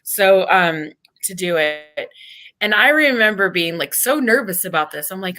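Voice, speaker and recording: A woman in casual chat, telling an animated story with some swearing. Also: lowish voice, moderate pace, a little hiss or hum, poor audio. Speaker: group chat participant.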